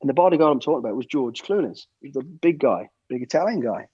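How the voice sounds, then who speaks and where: A man's voice: mid-range voice, fast, breathy edge, no echo, highs cut off. A middle-aged man telling anecdotes as a podcast guest, stumbling over repeated words and acting out what people said. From United Kingdom. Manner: lively storyteller, repeats words, acts out quotes. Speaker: guest, former soldier and bodyguard. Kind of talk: anecdotal storytelling.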